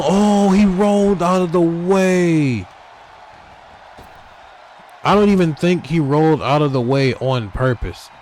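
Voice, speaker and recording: A man giving excitable, trash-talking play-by-play commentary over a wrestling video game, talking straight to the wrestlers. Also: mid-range voice, a little hiss or hum.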